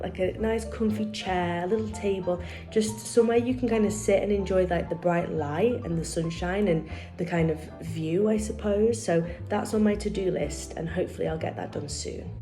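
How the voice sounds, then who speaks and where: A woman chatting casually to her viewers as she tours her apartment in a vlog. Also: lowish voice. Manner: chatty, upbeat, addresses viewers directly. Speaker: lifestyle vlogger. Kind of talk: casual home-tour vlog.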